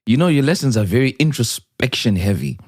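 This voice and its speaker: A man's voice: medium pitch, very animated, a little fast, darkish tone, no echo, clean studio sound. A man hosting a podcast interview, who keeps affirming his guest and reads the guest's points back. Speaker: podcast host. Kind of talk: casual interview chat.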